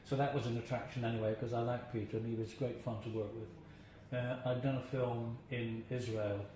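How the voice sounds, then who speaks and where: A man's voice: medium pitch, little pitch movement, normal speed, warm tone. An older man being interviewed, telling chatty anecdotes about his acting days, chuckling and now and then imitating voices. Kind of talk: anecdotal reminiscing. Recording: very echoey room, faint hiss.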